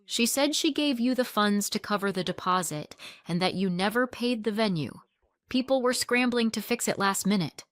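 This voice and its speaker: A woman's voice: medium pitch, moderate pace, close to an everyday voice. A woman voicing a kind, worried fellow school mom who sounds hesitant and sympathetic. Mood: hesitant sympathy.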